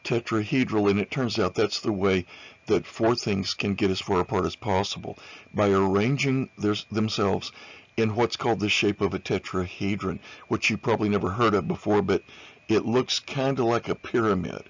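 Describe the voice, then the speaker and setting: A man's voice: lowish voice, normal speed, dull audio. A man lecturing on chemistry over slides in an informal way, with many fillers, often repeating key points.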